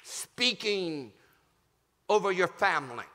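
A pastor preaches with a fervent, emphatic delivery that climbs into shouts. He has a high, bright, forceful voice that swings widely in pitch. The sound carries the long reverb of a large church hall. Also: lively intonation, slow. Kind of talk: sermon.

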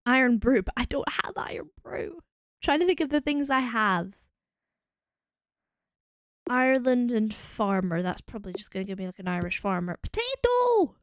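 A woman's voice: on the high side, moderate pace, long pauses, no room sound, clean studio sound. A Scottish woman streaming a game, musing aloud as she tries out combinations. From Scotland. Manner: musing, trying combinations out loud. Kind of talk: casual thinking aloud while playing.

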